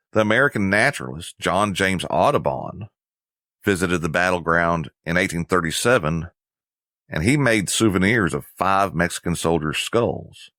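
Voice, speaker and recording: A man with an extremely deep, low voice narrates a history lesson in a measured, somber way. The sound is close and dry. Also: a bit bright, no room sound.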